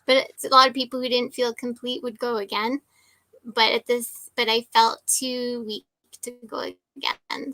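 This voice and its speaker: A woman in her forties talks casually and emphatically, with a high, bright, forceful voice. She leans on fillers and asks "right?" again and again as she tells her story. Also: no room sound. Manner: chatty, emphatic, many "like" and "right?" tags.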